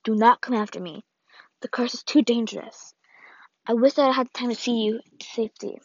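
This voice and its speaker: A woman reading the farewell letter of an old, ailing grandmother in a solemn, measured way, on a dull, lo-fi recording. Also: a little high, fairly even intonation, a little mellow, dry recording. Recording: dull, lo-fi dry read.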